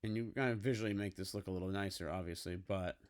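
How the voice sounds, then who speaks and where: A man's voice: low-pitched, fairly even intonation, quick pace, smooth. A man teaching a typography class activity, talking casually and checking in with "okay?" as he works through an example on screen. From United States. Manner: casual, coaxing, frequent "okay?" check-ins. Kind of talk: screen-recorded classroom tutorial.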